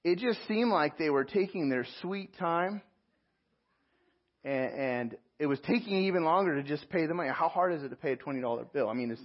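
A man with a somewhat high, husky voice delivers a sermon in a conversational, storytelling way. He slips into animated asides and laughs at himself. The recording sounds a bit dull and lo-fi. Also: fairly quick. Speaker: pastor.

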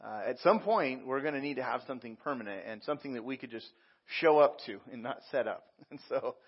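A man's voice: medium pitch, animated, brisk, slightly rough. Conversational male pastor, slightly muffled recording. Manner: conversational, with frequent repeats and fillers. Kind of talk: sermon.

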